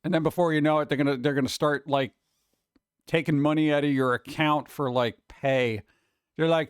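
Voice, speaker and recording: A man's voice: fairly high pitch, steady tone, moderate pace, smooth, no room sound, studio quality. A man hosting a casual stream chat, rambling and mimicking gadget voices as he talks to his chat. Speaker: streamer host.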